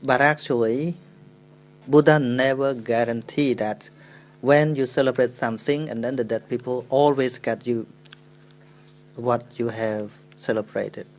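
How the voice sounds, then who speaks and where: A monk with a Cambodian accent, a native Khmer speaker, giving a dharma talk in halting English, telling a story with pauses and self-corrections. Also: male voice, medium pitch, fairly even intonation, rough recording.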